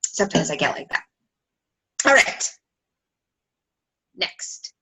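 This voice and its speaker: A woman in her thirties giving casual coaching talk on a team call, chatty and quick, full of "like" and acted-out quoted messages. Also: lowish voice, big pitch swings, pushed and bright, poor audio. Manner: fast, chatty, lots of "like", acts out quoted messages.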